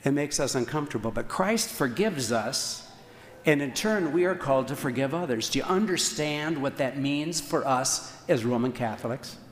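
A man's voice: mid-range voice, animated, normal speed. A man, a priest, preaching a sermon with earnest emphasis and repeated phrases, now and then stumbling over fillers. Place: large church. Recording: echoey church hall, faint ambience.

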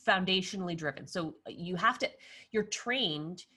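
A woman's voice: fairly low pitch, moderate pace, pushed and bright, slightly rough. A woman hosting a podcast, listening attentively and asking thoughtful questions. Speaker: podcast host. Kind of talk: interview conversation.

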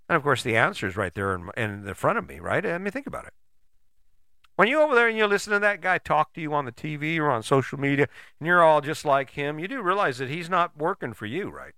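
Male host, bright lively delivery, dry close sound; rambling, rhetorical, casual. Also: on the high side, clear, resonant tone, no room sound. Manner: rambling, conversational, rhetorical questions; mild swearing. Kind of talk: casual motivational monologue.

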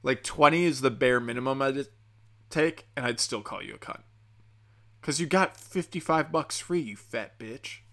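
A man's voice: mid-range voice, moderate pace, fairly bright tone. Tipsy young man ranting crudely. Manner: rambling, profane, with frequent fillers. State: tipsy from drinking. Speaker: comedian and podcast host. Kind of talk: crude comedic rant.

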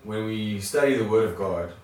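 A man's voice: lowish voice, normal speed. A man sharing in a church study group, hesitant, often restarting and repeating words. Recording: very echoey room from far off.

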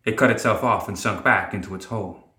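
A man narrating a dark fantasy story in a steady, dramatic way. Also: on the low side, brisk, roomy sound. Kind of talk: scripted narration.

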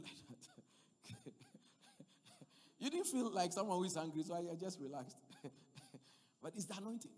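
Man, preacher, sermon, husky voice, loud emphatic bursts and soft asides, long church-hall reverb. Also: high-pitched.

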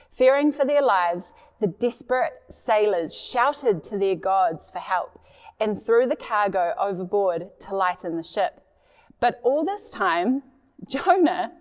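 A woman's voice: medium pitch, a little mellow, in a large hall. A woman preacher giving a sermon, reading scripture expressively and adding chatty asides.

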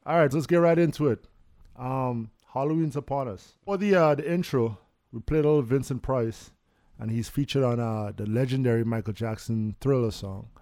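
A man's voice: medium pitch, normal speed, mellow, dry recording, studio quality. A man hosting a podcast, upbeat and leading the casual chat. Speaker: podcast host.

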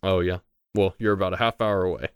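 A man's voice: low-pitched, steady tone, fast talker, clear, resonant tone, dry recording, clean studio sound. A young man narrating as game master of a tabletop game in a casual, loose way.

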